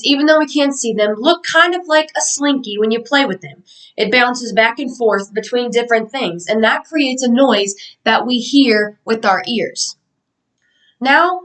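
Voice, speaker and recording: A woman's voice: a little high, fairly bright tone, distant mic, low-quality recording. A young woman giving a mock lesson to a class of children in an upbeat, sing-song teacher voice.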